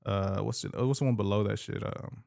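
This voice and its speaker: A man's voice: fairly low pitch, steady tone, vocal fry, darkish tone. A man in his late twenties hosting a podcast, chatting casually and swearing freely. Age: 20s. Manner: laid-back, swears freely, quick talker. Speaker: podcast host. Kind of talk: casual chat.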